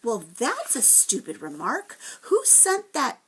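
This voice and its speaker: A woman's voice: high voice, normal speed, gravelly, pitched above the performer's own voice. A woman voicing an angry boy who stands up to a bully in a storybook reading. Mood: furious.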